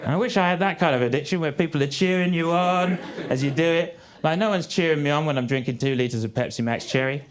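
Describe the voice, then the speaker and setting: A man in his thirties doing a stand-up comedy set on a theatre stage, with a dry, deadpan delivery. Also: a little high, fast, hardly any pauses. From England. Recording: live theatre with crowd laughter. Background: audience laughter.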